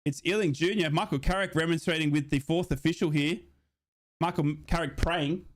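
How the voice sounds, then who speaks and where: A man giving excitable live football commentary during a watch-along, his voice jumping high in big moments as he reads out and answers viewer comments. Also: fairly quick. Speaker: football fan commentator and streamer.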